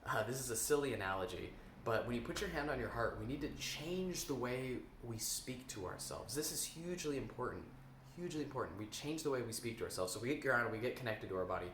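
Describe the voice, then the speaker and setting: A man coaching viewers in an instructional talk, earnest, repeating key phrases and slowing down to stress them. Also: mid-range voice, expressive, a bit bright, reverberant, a little hiss or hum. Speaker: eating coach.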